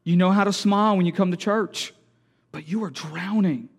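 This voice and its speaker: A male pastor preaching a sermon, moving from quiet, halting storytelling to loud, impassioned pleading. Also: sits high, breathy edge, long reverb tail.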